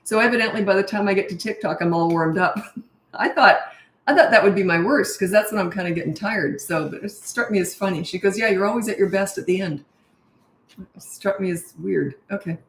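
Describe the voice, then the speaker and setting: A woman's voice: medium pitch, a little fast, reverberant. A woman in her sixties, a parenting coach answering viewer questions in a frank, conversational live-stream Q&A. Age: 60s.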